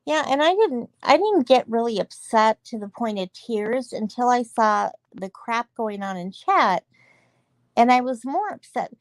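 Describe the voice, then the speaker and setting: A woman's voice: on the high side, expressive, unhurried, dry recording. A woman talking through an upsetting online argument in casual chat, earnest and emotional, laughing now and then between points.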